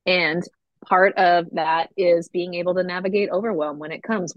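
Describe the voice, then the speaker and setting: Upbeat woman co-host, lower voice. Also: dry recording, dull audio. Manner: upbeat, talks in loose run-on phrases. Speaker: podcast co-host. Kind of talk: casual health podcast chat.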